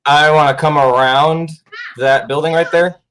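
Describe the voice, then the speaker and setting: A man's voice: on the high side, fairly even intonation, measured pace, a bit bright, a little hiss or hum, poor audio. Chatty man playing a tabletop game. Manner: chatty, hesitant, with many fillers. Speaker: player. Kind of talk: casual tabletop game play.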